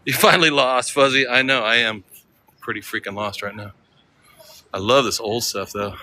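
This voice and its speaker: A man's voice: medium pitch, steady tone, moderate pace, bright, forceful tone. An American man chatting casually to his viewers as he walks city streets, rambling from one thought to the next. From United States. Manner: chatty, rambling, talks to viewers while walking. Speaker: travel vlogger. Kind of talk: casual walking vlog.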